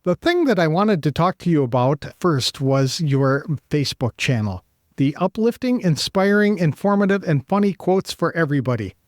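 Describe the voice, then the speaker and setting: A man's voice: on the high side, expressive, normal speed, no room sound, clean studio sound. A man hosting a podcast, reading an introduction and then asking a guest friendly questions over a video call. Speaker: podcast host. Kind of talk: scripted intro then interview chat.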